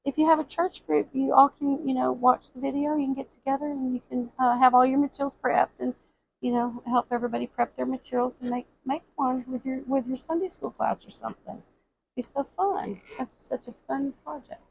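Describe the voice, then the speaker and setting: A woman's voice: sits high, fairly even intonation, a little fast, vocal fry, dull audio, a little hiss or hum. A woman chatting her way through a floral craft tutorial, repeating little phrases as she works at a table.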